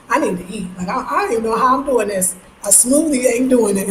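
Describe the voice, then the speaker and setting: A young woman with a New York accent chats loosely on a livestream. She reads viewers' comments, jokes, and laughs often in a slightly high voice. The room has an echoey ring with a faint hiss of noise under it. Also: fast talker, few pauses. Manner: chatty, animated, laughs often, slangy. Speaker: livestream host. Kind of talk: casual live chat reading comments. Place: home.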